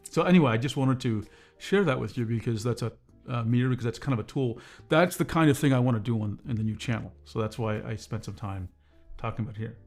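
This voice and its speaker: A man hosting a casual livestream, reading viewer comments and talking in a calm, measured way. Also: mid-range voice, creaky, faint music behind. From United States. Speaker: livestream host.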